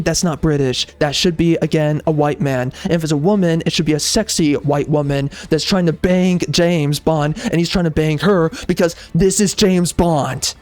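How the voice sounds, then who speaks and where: A man's voice: on the high side, a little mellow. A man giving a ranting video game review, exasperated and emphatic, repeating himself and tossing in slang and fillers. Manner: frequent filler words and restarts, casual slang.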